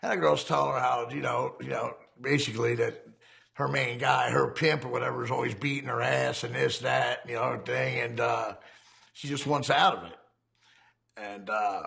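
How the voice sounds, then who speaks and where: A man's voice: medium pitch, creaky, fairly bright tone. A man, telling a rambling, profane crime story in casual conversation and laughing as he goes. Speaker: ex-convict telling his story.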